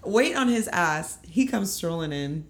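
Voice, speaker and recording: A woman's voice: fairly low pitch, measured pace. A young woman telling a dating story in casual chat, acting out the lines of the people in it. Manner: animated storytelling, acts out quoted lines. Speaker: storyteller guest.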